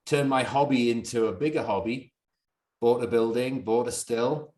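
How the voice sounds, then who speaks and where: A man's voice: medium pitch, steady tone, moderate pace, a little mellow, echoey room. A man with a Northern English accent, chatting on a video call from a bedroom at home, rambling and laughing. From Northern England. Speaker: distillery founder. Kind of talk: casual video call chat.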